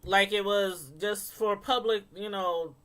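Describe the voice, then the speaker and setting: A woman hosting a casual call-in show, talking in an animated, emphatic way and often repeating herself. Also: mid-range voice, measured pace. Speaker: host.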